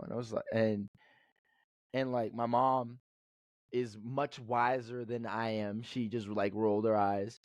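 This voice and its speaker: A man's voice: mid-range voice, steady tone, measured pace, no room sound. A man in his thirties co-hosting a podcast, telling a story in a loose, rambling way with many restarts. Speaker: podcast co-host. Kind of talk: casual storytelling.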